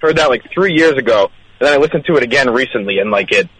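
A relaxed man calling in to a talk show, easing through his sentences with plenty of "um" and "you know." His voice sits at an ordinary middle pitch and sounds dry and close, with no room around it. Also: fast talker, breathy edge, no room sound, low-quality recording. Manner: laid-back, hesitant with fillers. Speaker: caller. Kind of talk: casual phone-in chat.

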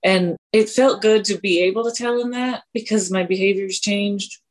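With a mid-range voice and steady tone at normal speed, a Coloradan woman in her forties talks as a podcast guest. It's a candid, personal interview, and she comes across earnest and confessional, with sighs and self-deprecating laughs.

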